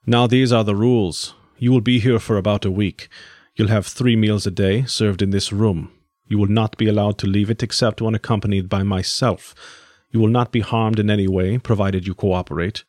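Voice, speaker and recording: A man voicing an impassive middle-aged male scientist who holds a prisoner, speaking slowly and without a smile. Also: on the low side, fairly even intonation, darkish tone, no echo, studio quality, lightly acted. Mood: cold. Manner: slow, measured, unsmiling.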